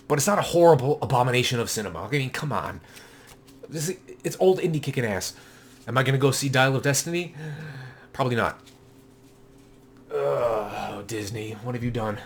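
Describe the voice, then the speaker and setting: Casual male vlogger, middle pitch, blunt and rambling, swears freely. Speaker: collector showing his movie collection. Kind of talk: casual vlog commentary.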